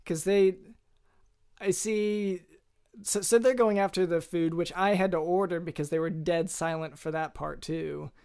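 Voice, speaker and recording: Halting, gravelly-voiced man telling a story. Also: high-pitched, fairly even intonation, darkish tone. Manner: halting, hesitant, full of restarts. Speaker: podcast host. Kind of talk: deadpan comic storytelling.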